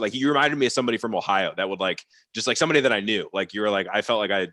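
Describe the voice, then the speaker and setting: A man's voice: lowish voice, lively intonation, sharp tone, dry recording, clean studio sound. A young man telling stories as a podcast guest in casual chat, heavy on "like" and swearing. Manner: rapid, filler-heavy with frequent "like" and swearing. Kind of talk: casual storytelling.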